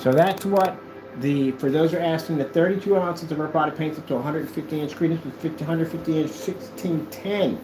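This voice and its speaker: A man's voice: on the high side, brisk, music in the background, low-quality recording. A man presenting a product in a casual demo video, talking in a playful, exaggerated sales manner.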